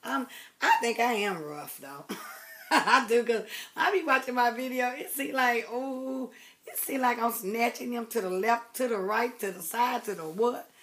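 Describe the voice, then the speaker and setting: A woman's voice: fairly high pitch, moderate pace. Chatty woman rambling to her viewers. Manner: rambling, chatty, affectionate, drifts to soft murmurs. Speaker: doll collector vlogger. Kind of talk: casual chat to camera.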